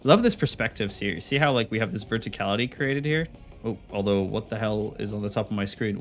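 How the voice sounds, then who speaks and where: Male streamer with a low voice and game music behind; rambling, playful running commentary. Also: fairly quick. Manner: rambling, playful self-talk. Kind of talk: live gameplay commentary.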